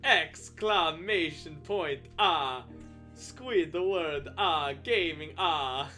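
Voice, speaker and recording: A man's voice: on the high side, takes it slowly, bright, forceful tone, faint music behind, full character voice. A man hamming up a stereotypical Italian guy. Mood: hammy. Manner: drawls an "uh" between nearly every word. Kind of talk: comic put-on accent on a livestream.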